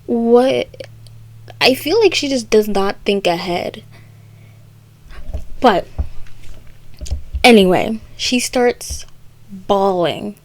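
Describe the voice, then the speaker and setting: Slow-talking sarcastic young woman. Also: medium pitch, lively intonation, dry recording. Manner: sarcastic, rambling asides. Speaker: video creator. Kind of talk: comedic story recap.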